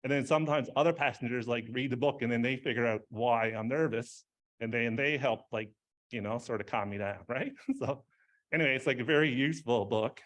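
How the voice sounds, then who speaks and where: A man's voice: medium pitch, a little fast, fairly bright tone. A man giving an informal speech at an award ceremony, rambling, with many fillers and frequent laughs.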